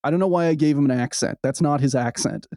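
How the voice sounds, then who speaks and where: A podcast co-host recaps in casual chat, talking fast and wryly with quick asides. His voice sits fairly high yet sounds mellow and warm. The recording is dry and close, with no room sound or echo.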